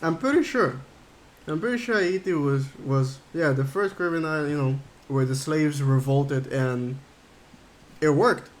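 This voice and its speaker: A man's voice: on the high side, a little slow. Chatty man streaming a game. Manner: rambling, chatty, thinking aloud. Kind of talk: casual livestream chat while gaming.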